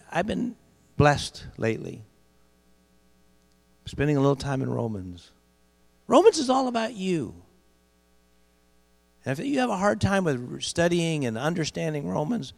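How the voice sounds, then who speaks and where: Middle-aged preacher, gravelly and animated; sermon, big echoing hall, mains hum. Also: male voice, a little high. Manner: builds to loud emphatic peaks, slows for key phrases. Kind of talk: sermon storytelling.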